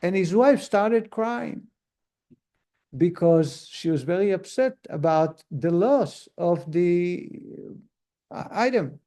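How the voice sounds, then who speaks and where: A man's voice: sits high, animated, takes it slowly, mellow. A middle-aged man, a rabbi, giving a conversational lesson to a class, telling stories and putting questions to his listeners. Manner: storytelling, asks the audience questions.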